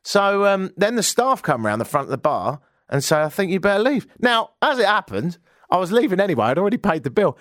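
A man's voice: sing-song, a little fast, a bit bright, no room sound, clean studio sound. A British man in his forties hosting a talk radio show, telling a self-mocking story with wry asides. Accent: British English. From Britain. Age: 40s. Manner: wry, self-mocking, swings high for emphasis. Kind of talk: animated storytelling monologue. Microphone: studio microphone.

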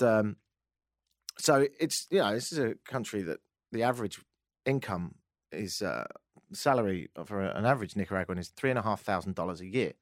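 A man hosting a talk radio show, telling a story with sarcastic, animated asides. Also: on the low side, no room sound, studio quality. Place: radio studio.

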